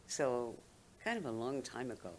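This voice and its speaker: A woman's voice: rumbling low, very animated, moderate pace. A woman in her seventies with a London accent, a guest who reminisces in a chatty way and often laughs while talking. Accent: London English. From London, England. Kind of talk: reminiscing interview talk.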